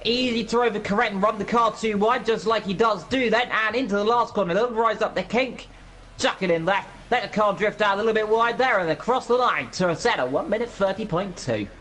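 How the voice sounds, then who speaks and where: A man's voice: sits high, brisk, fairly bright tone. A man giving live commentary on an esports racing event, walking through the track with playful energy.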